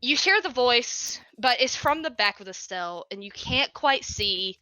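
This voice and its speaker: A woman narrating as game master of a tabletop game, halting and restarting often with frequent laughs. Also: fairly high pitch, expressive, bright, forceful tone, no echo, faint music behind.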